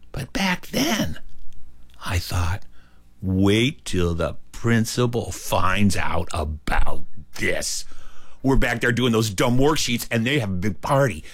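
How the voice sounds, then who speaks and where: A man telling a childhood story aloud, animated and acting out the characters' lines. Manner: animated, acts out characters with big pitch leaps. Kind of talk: told story performed for listeners.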